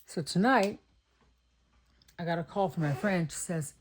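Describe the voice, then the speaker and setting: A middle-aged Texan woman with a low voice chats casually at normal speed, thinking aloud as she makes greeting cards.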